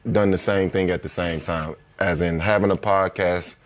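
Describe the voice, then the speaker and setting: A man co-hosting a casual interview, asking a question in a relaxed, friendly way. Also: sits low, normal speed, slight background noise.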